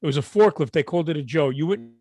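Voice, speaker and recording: A middle-aged man with a Brooklyn accent, co-hosting a podcast and telling stories in a casual, profane, animated way. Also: on the high side, fast talker, no echo, clean studio sound. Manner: animated, profane, acts out quotes. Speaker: podcast co-host. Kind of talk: casual storytelling.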